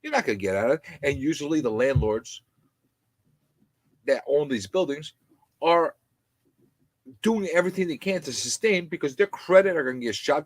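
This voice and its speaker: A man hosting a live stream, ranting about landlords in an animated, indignant, repetitive way. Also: mid-range voice, no echo, low-quality recording.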